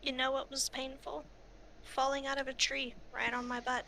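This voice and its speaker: A woman talks casually and bluntly, her voice fairly high and bright, even sharp. There is a faint hiss behind her. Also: normal speed, vocal fry. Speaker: player. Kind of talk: casual tabletop play.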